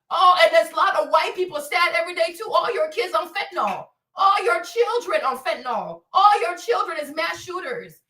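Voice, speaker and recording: High bright woman host, brash mocking rant, echoey room, off-mic. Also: distant mic. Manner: loud, mocking, frequent laughter, repetitive. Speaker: show host. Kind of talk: angry profane live-stream rant.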